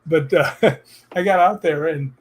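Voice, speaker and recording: A man telling personal stories in a casual chat, animated and laughing as he goes. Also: a little high, a little slow, a little hiss or hum.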